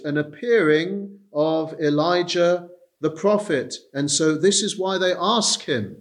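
Slow, hesitant man preaching. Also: a little high. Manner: slow, deliberate, with frequent hesitations; reads scripture in King James wording. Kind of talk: expository sermon.

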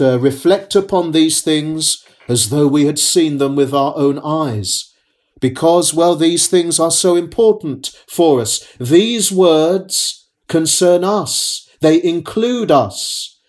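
A man preaching a sermon as pastor, in a measured, emphatic way that repeats key phrases and pauses between them. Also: fairly high pitch, a little mellow.

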